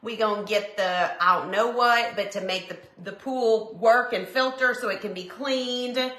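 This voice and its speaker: A woman hosts a casual live craft stream from her home craft room. She talks in a bright, gushing, chatty way and answers viewers as she paints. Her voice carries a roomy echo. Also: a little high, a little slow. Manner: chatty and gushing, reads viewer comments aloud.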